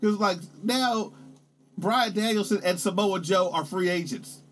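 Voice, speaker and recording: A man chatting casually about wrestling, excitable and swearing, his voice jumping up when he gets hyped. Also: sits high, measured pace.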